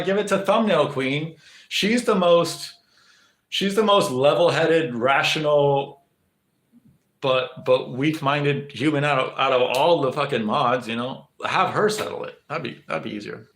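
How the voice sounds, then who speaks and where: A man's voice: fairly high pitch, a little slow, a bit bright, echoey room, a little hiss or hum. A young man streaming live, rambling to his chat with lots of swearing, fillers and restarts. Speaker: livestreamer.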